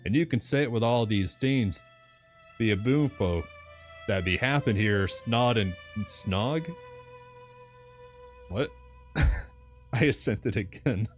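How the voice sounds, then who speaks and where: A man reading aloud brings to life a garrulous old sailor who rants in thick country dialect. The voice sits higher than the reader's own deep tone but keeps its weight. Faint background music plays under the storybook reading. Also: expressive, slow pace, pauses often. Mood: ranting. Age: older. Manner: thick rustic dialect, grumbling and scornful.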